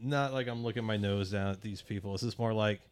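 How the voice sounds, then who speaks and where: A low-pitched man talks in a dry, close-miked podcast setting. He tells a rambling, profane story, animated, and slips into quick impressions of the people in it. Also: clean tone, no room sound. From St. Louis area, USA. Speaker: podcast co-host. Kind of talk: casual chat.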